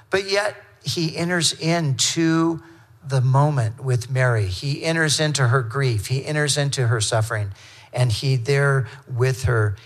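A man's voice: mid-range voice, a bit bright. Man preaching an earnest sermon. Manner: earnest, conversational preaching with Scripture readings. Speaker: pastor.

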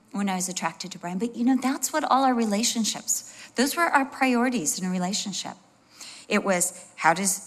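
Middle-aged woman preacher, sermon delivery, conversational and expressive with lively asides. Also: mid-range voice. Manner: conversational and expressive, with asides and little acted-out voices.

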